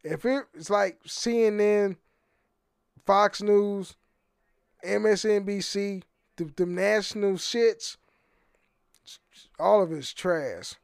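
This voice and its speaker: A man's voice: high voice, takes it slowly, gravelly, long pauses, smooth, no room sound, clean studio sound. A man hosting his own podcast, rambling and swearing freely, often stumbling over repeated words and laughing. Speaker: podcast host. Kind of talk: casual solo podcast rant.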